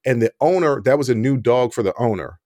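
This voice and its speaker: A man's voice: medium pitch, expressive, brisk, mellow, dry recording, clean studio sound. A man hosting a podcast, chatting casually, laughing often and speaking straight to his listeners. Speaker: podcast host. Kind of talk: casual chat.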